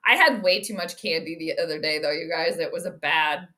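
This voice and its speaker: Speaking low and fairly fast with hardly a pause, a woman commentates football on a casual stream. She's excitable and talkative, frequently laughing and reading the chat out loud.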